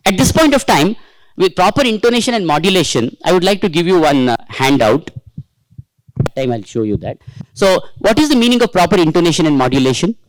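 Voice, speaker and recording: Animated Indian-accented male trainer. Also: sits high, brisk, no echo, poor audio. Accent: Indian English. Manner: animated, coaxing, talks to participants. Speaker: teacher trainer. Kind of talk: workshop lecture. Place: training workshop room.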